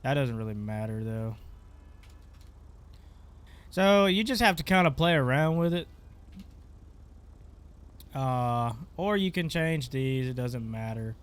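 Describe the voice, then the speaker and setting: Stuffy and congested, a gaming channel host runs a casual screen-recorded tutorial, chatting offhandedly as he clicks through settings. His medium-pitched voice is animated and resonant, clear but slow, with frequent pauses.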